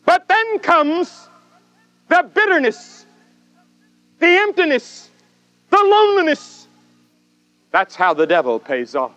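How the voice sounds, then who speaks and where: An older man preaching a sermon dramatically, with swelling repetitions and long pauses. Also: very high voice, sing-song, bright, forceful tone, no echo, dull audio, soft background music. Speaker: evangelist preacher.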